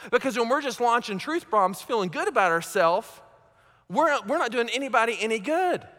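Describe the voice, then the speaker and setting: A man's voice: very high-pitched, lively intonation, a little fast, fairly bright tone. A man preaching a sermon as pastor, conversational and self-mocking, often checking in with his listeners. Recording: long hall reverb.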